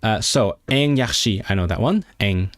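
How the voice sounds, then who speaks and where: Chatting with his stream audience, a young man works through his language study, restarting often as he tries out foreign words. He speaks at a normal speed in a lowish voice with lively intonation, recorded clean in the studio with no room sound.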